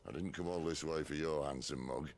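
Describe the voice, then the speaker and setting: An actor playing a gruff, wry rugged man in a video game cutscene, with a dry, teasing drawl. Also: brisk, darkish tone. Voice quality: deep and gravelly.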